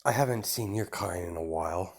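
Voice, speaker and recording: Brief: man playing a werewolf alpha, calm and kind, low-ish voice, fan storytelling. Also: fairly quick. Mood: reassuring. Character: young male werewolf pack alpha, gruff but kind.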